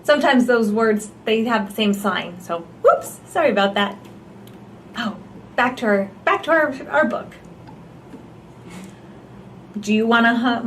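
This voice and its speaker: Female storyteller for toddlers: slow, gasping, exaggerated picture-book read-aloud with coaxing questions. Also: a little high, expressive, a bit bright, slight background noise.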